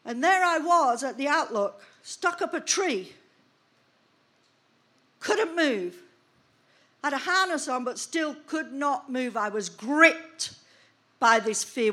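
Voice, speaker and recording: A woman pastor in her sixties telling a personal testimony in a sermon, with lively storytelling that acts out the scenes. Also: sits high, slow pace.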